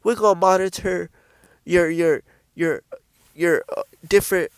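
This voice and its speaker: A man's voice: high-pitched, measured pace, vocal fry, smooth, no room sound. A man putting on the voice of a persuasive doctor who sweet-talks patients in a coaxing, snake-like way.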